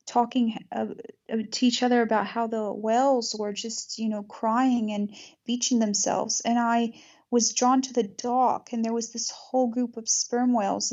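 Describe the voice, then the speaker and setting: Woman host, low-key gravelly voice, even delivery, earnest chat on dull lo-fi audio. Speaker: podcast host. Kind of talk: casual spiritual conversation.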